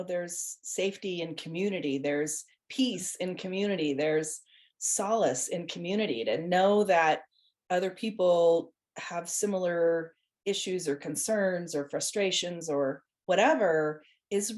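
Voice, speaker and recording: A woman co-hosting a podcast, telling a story in an animated, laughing way with many restarts. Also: lowish voice. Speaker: podcast co-host. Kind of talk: casual storytelling chat.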